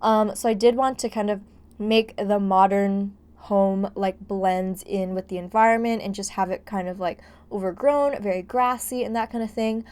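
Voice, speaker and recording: A woman's voice: medium pitch, fairly even intonation, normal speed, darkish tone, smooth. A young woman gives a casual, rambling voice-over about her game build. She is out of breath and jittery from caffeine and fills her talk with "like". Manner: chatty, rambling, heavy use of "like". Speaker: gaming vlogger.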